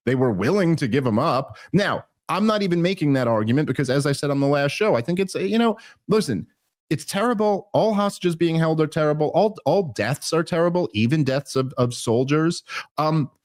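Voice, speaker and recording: A man hosting a political podcast, talking in an animated, indignant way and often restarting his sentences. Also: mid-range voice, no echo, studio quality. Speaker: podcast host. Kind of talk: political commentary chat.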